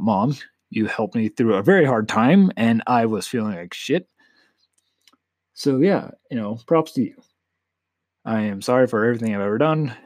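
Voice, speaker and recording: A man's voice: medium pitch, a little mellow, dry recording. Candid eighteen-year-old guy, dry close sound. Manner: candid, rambling, emotional, swears often. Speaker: podcast host. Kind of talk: casual solo podcast confession.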